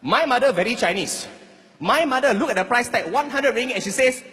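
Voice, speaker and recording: Man, Malaysian English accent, stand-up comedy, very high pitch, long hall reverb. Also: brisk. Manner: animated storytelling with voiced characters. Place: stage before a live audience. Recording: hall reverb, faint room noise.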